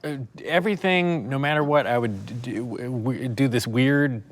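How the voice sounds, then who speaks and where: A man's voice: mid-range voice, normal speed. A man actor telling a sheepish, stammering story at a roundtable. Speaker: actor guest. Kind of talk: roundtable anecdote.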